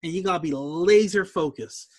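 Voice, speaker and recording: High-voiced joking man recapping a movie. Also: normal speed. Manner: animated storytelling, jokey, slangy. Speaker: podcast co-host. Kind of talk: casual movie review chat.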